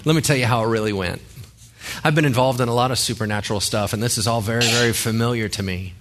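A man's voice: mid-range voice, fast talker, a bit bright. A male pastor giving a sermon in a conversational way, with joking asides and rhetorical questions.

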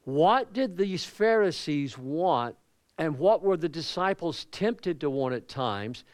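A man's voice: a little high, slow, no room sound, studio quality. A man preaching a sermon as pastor, telling stories and acting out the people in them. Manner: storytelling preacher, animated, acts out quoted people. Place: church.

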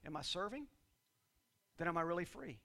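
A male pastor preaching a sermon, moving from quiet scripture reading to loud, shouted exhortation and leading the congregation in call-and-response. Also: a little high, big pitch swings, moderate pace, vocal fry.

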